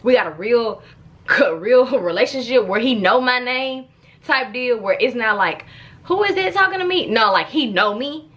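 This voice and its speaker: A young adult woman chatting casually in her own vlog, telling stories in an animated, playful way. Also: a little high, a little slow. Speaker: vlogger.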